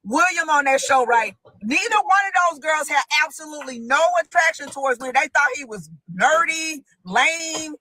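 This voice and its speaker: A woman's voice: sits high, lively intonation, normal speed, hardly any pauses, pushed and bright. A woman on a discussion panel, speaking emphatically, talking over others and repeating herself. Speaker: panel guest.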